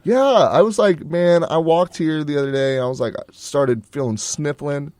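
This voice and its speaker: A man's voice: on the high side, normal speed, a little mellow, dry recording. Young male college radio co-host, easygoing and chatty, with a dry studio mic. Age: young adult. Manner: rambling, easygoing, laughs often. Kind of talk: casual chat.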